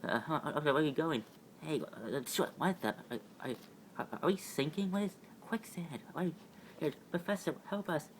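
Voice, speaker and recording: A man voicing an excitable, panicked young mutant girl in a fan-made superhero audio drama, stammering and pleading in a raised voice. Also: moderate pace, slight background noise, natural voice. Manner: high, breathless pleading, stammering.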